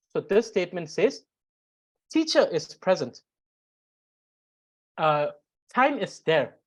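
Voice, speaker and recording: A woman's voice: on the low side, big pitch swings, unhurried, pauses often, a little mellow, breathy edge. A woman teaching a grammar lesson, explaining step by step with frequent fillers and repetition. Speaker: language teacher.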